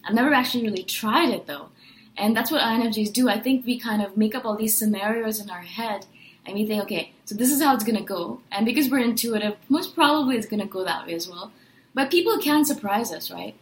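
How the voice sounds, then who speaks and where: A woman speaks in a casual, earnest monologue, venting and firing off rhetorical questions. Her voice sits a little high. The room around her gives a noticeable echo. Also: quick pace. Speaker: personality-type video host.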